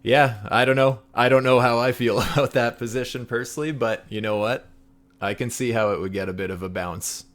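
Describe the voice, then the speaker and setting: A man's voice: mid-range voice, fairly quick. A man hosting a livestream, talking casually about charts with frequent fillers and laughs. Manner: relaxed, laughs often, many fillers. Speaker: livestream host. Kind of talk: casual trading chat.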